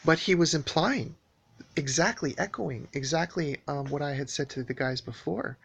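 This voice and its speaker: A man's voice: on the high side, normal speed, creaky, fairly bright tone, breathy edge. A man telling a long story in a casual spoken monologue, rambling and aggrieved, with many restarts and fillers.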